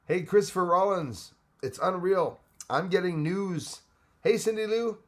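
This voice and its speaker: A man's voice: high-pitched, unhurried. A man hosting a live stream, chatting casually and greeting viewers by name, rambling with frequent restarts. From Canada.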